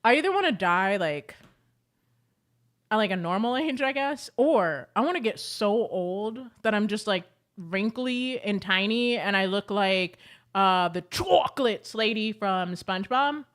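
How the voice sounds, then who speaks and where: Young woman, casual vlogger, chatty and animated, mid-range pitch, lots of "like" fillers. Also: unhurried. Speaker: beauty vlogger. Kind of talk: casual chat to camera.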